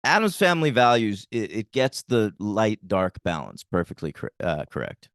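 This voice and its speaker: A man co-hosting a podcast in casual chat, relaxed and fond of telling anecdotes. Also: lowish voice, moderate pace, no room sound, clean studio sound. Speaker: podcast co-host.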